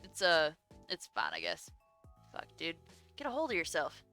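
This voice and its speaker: A woman voicing a cool, deadpan young man who talks in a laid-back, profane, bluntly sarcastic way while reading a game's lines aloud. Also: sits low, normal speed, soft background music, exaggerated voice. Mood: exasperated.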